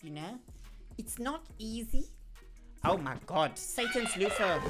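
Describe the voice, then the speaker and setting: A woman's voice: fairly high pitch, wildly swooping pitch, moderate pace, gravelly, loud music behind the voice. A woman livestreaming in casual chat, playfully indignant and mock-dramatic, breaking off to thank viewers. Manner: chatty, reacting to viewer donations mid-sentence.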